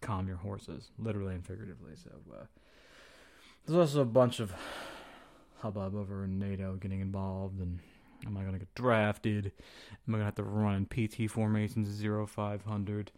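Young man, podcast host, casual opinion monologue, slangy and profane, lowish pitch. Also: fairly even intonation, a little fast, a little mellow. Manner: flippant, profane, slangy, acts out quotes.

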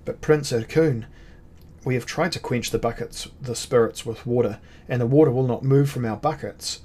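A man's voice: mid-range voice, moderate pace, dark tone, lightly acted. Man voicing an anxious captain of the guard, pleading, a bit raised. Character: nervous young male guard captain.

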